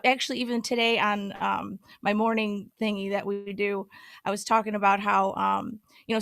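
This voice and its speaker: A woman's voice: mid-range voice, a bit bright, no room sound. A woman chatting casually on a video call, rambling and laughing often. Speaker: streamer, co-host.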